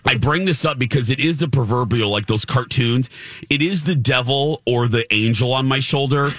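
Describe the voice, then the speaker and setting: A man's voice: mid-range voice, normal speed, no echo. A man hosting a talk show in casual chat, telling a story animatedly and acting out what people said. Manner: animated storyteller, acts out quotes.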